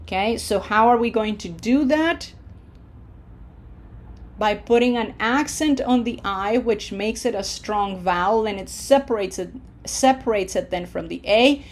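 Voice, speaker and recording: A woman teaching a Spanish verb lesson, modeling each word slowly and stressing the syllables. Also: medium pitch. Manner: slow, deliberate modeling of words, stressing syllables. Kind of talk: language lesson with drills.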